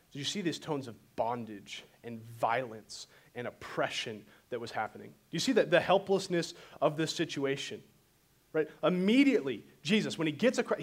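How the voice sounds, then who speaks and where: A man preaching a sermon and telling the story in an animated way. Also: on the high side. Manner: animated storytelling, voices quotes dramatically. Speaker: pastor.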